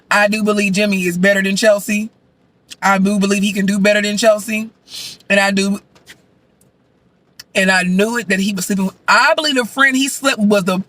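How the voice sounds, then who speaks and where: A man chatting casually as a vlogger, reviewing a show while he eats, animated and sassy with loud outbursts. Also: high-pitched.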